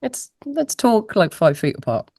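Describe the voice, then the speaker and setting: A woman's voice: mid-range voice, very animated, unhurried, a little mellow, no room sound, studio quality. A woman, a guest musician chatting casually in an interview and laughing at herself, heard through a laptop microphone on a video call. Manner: chatty, laughing, self-deprecating. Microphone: laptop mic on a video call.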